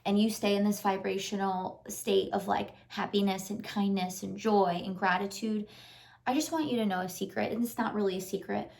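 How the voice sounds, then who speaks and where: A woman's voice: mid-range voice, steady tone, normal speed, gravelly, darkish tone. A woman vlogger giving a casual, earnest motivational talk to the camera, repeating her encouragements with lots of "like" fillers. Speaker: lifestyle vlogger and life coach.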